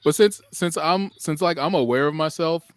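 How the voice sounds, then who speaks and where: A man's voice: on the high side, moderate pace, no room sound. A man co-hosting a podcast, musing aloud in a rambling way, full of fillers and restarts. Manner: reflective, self-aware musing. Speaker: podcast co-host. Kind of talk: casual podcast chat.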